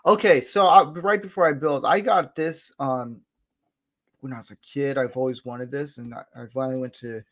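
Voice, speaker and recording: A young man hosting a casual Lego build chat, rambling and laughing easily at a desk microphone. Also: medium pitch. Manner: rambling, chatty, quick to laugh. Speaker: host of a Lego build stream.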